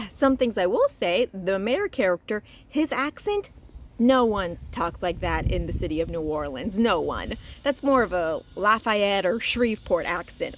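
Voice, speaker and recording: A woman from Louisiana talks through a casual review outdoors. Her pitch swings widely as she chats, expressive and unguarded. She sits at an everyday middle pitch. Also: a little hiss or hum. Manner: chatty and expressive, with frequent laughs and sighs. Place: outdoors in a cemetery.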